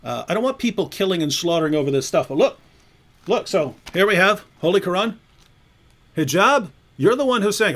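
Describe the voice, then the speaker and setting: A man's voice: high-pitched, animated, fairly quick, a bit bright. A man hosting a livestream, ranting in a mocking, taunting way and laughing often. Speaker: livestream host. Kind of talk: provocative livestream rant.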